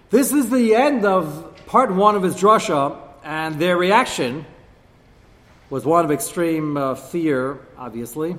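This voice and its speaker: Animated man teaching from the text, hall echo. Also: fairly high pitch, unhurried. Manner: animated, acts out speakers in quoted voices, sarcastic asides. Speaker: Torah teacher. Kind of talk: text-study lecture.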